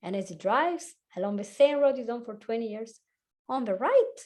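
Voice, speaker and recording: A woman with an Italian accent, a hypnotherapist and life coach, talking fast and laughing often as a guest on a video-call chat. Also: on the high side, expressive, a little mellow. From Italy. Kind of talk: casual chat.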